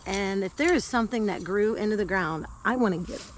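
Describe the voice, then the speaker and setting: A woman vlogging casually while digging in her garden outdoors, chatty and quick to laugh. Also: mid-range voice. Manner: chatty and easily delighted, laughs often. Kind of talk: casual chat while working. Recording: outdoor recording with clear background noise.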